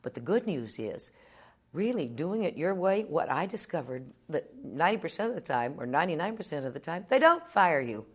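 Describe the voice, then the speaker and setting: A woman's voice: sits low, sing-song, a little fast, husky. A woman in her fifties from Texas, a television journalist answering interview questions as a plainspoken, wry storyteller.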